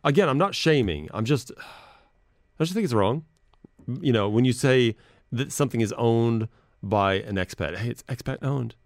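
A man's voice: medium pitch, expressive, normal speed, dry recording, clean studio sound. A man hosting a podcast in casual chat, rambling and self-deprecating as he reads messages aloud. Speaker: podcast host.

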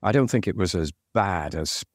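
Low-voiced hesitant football pundit, a man. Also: animated, normal speed, no room sound, clean studio sound. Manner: hesitant, many fillers and restarts. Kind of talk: casual studio chat.

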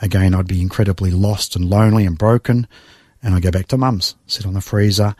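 A man's voice: low voice, fairly even intonation, fairly quick, dark tone, dry recording, studio quality. A middle-aged man, recounting a personal story in an interview, emotional and reflective, sighing and restarting as he goes. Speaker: guest. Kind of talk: personal testimony in conversation.

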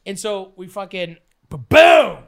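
A young woman from Canada telling a wild story casually, swearing freely and animated. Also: mid-range voice, normal speed.

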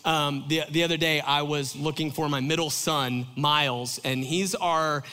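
A man preaching in a loose, chatty way, full of fillers and jokey asides aimed at the congregation. His voice sits a little high and sounds bright and sharp. A long reverb from the church hall trails every phrase. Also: steady tone, a little slow, clean tone. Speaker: pastor. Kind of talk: conversational sermon.

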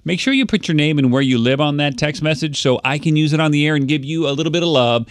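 A man hosting a radio morning show, talking fast and joking with callers and co-hosts. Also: fairly high pitch, smooth, no room sound, studio quality. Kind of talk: upbeat radio banter. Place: radio studio. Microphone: studio microphone.

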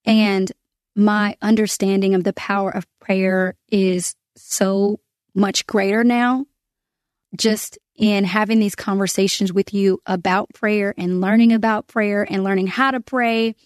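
A woman's voice: mid-range voice, steady tone, measured pace, no echo, clean studio sound. A woman hosting a prayer podcast, speaking earnestly and from the heart, with some fillers and restarts. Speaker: podcast host. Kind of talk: prayer podcast, spoken prayer and reflection.

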